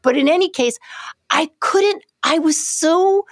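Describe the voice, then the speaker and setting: A middle-aged woman co-hosting a podcast, telling stories in a casual chat with lively, halting restarts. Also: very high-pitched, no echo, studio quality. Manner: animated storyteller, trails off mid-sentence. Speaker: podcast co-host.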